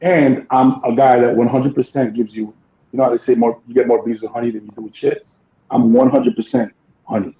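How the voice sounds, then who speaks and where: A man talks through a casual podcast chat in a blunt, emphatic way, swearing freely as he makes his points. His voice sits at an ordinary pitch for a man. The recording bounces around an echoey room and sounds a little dull. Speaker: podcast co-host.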